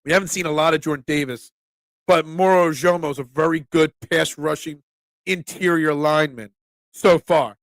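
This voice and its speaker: A man with a Philly accent hosts a casual sports talk show, joking with his chat between points. His voice is on the high side with a rough, gravelly texture. The sound is dry and close, with no room echo. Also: moderate pace, fairly bright tone. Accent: Philadelphia. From Philadelphia. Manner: chatty, joking with chat, frequent ums.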